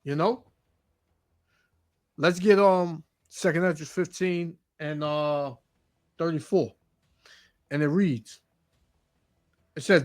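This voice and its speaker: A man's voice: fairly high pitch, a little slow, long pauses, fairly bright tone, no echo, clean studio sound. A man preaching over news clips, reading scripture aloud, stammering on fillers and ending his phrases with "man". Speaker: street preacher.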